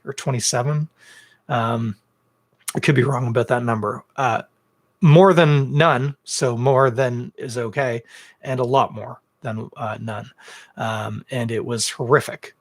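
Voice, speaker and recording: A man hosting his own podcast, talking in a casual rant full of ums and uhs, earnest and then blunt. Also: medium pitch. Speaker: podcast host. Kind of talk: casual ranting monologue. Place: home set filmed on two cameras.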